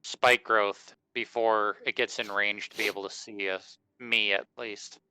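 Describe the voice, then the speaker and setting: A man with a bright, smooth, crisp voice plays a tabletop game and asks about tactics. He is recorded dry and close. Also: fairly low pitch, level tone, measured pace, dry recording, low-quality recording. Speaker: player.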